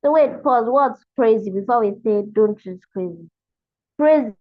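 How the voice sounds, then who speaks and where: A woman's voice: on the high side, expressive, moderate pace, phone-quality sound. A woman facilitating an online class for girls, thinking aloud and searching for her words.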